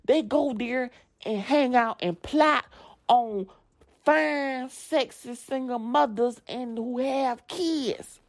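A woman, telling a story to her viewers in a blunt, profane, animated way. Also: sits high, takes it slowly. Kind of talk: casual storytime vlog.

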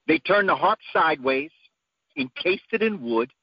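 A man giving an emphatic, preacherly talk whose voice climbs to high peaks. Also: animated, normal speed, husky, dry recording. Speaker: guest speaker. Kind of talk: impassioned lecture-style talk. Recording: dull lo-fi dry sound.

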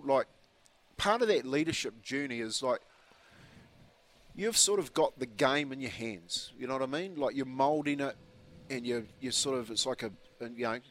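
A man's voice: mid-range voice, a bit bright, a little hiss or hum. Rambling New Zealand man in his fifties. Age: 50s. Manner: rambling, storytelling, many restarts and laughs. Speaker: radio co-host. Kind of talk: casual breakfast-show chat.

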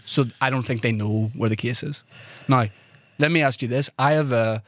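A man's voice: mid-range voice, moderate pace, dry recording. A man with a Northern Irish accent hosting a podcast, chatting casually and laughing easily. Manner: laughs easily, stammers and restarts. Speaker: podcast host. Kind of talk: casual chat.

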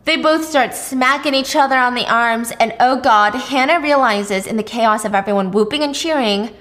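A woman casually retelling a thriller's plot, animated and chatty, with frequent asides and the odd swear word. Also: on the high side, normal speed. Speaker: storyteller host. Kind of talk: casual storytime recap of a thriller.

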